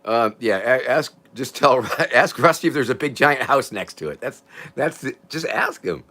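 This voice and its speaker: Older man, livestream host, bright tone, rambling, chuckling, reading chat comments. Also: mid-range voice, lively intonation, normal speed. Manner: rambling, chuckling, drifts between loud and quiet.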